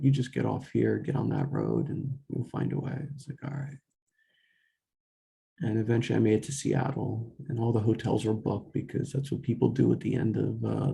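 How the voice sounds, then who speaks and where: A man's voice: medium pitch, creaky, dark tone. A young man telling a rambling personal story in a casual way, full of fillers and restarts, quoting himself and others. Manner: quotes himself and others in dialogue.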